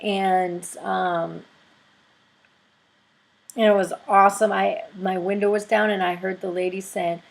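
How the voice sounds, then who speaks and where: A woman video blogger telling a story in a casual, excitable and gushing way. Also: medium pitch, measured pace, gravelly, pauses often, poor audio.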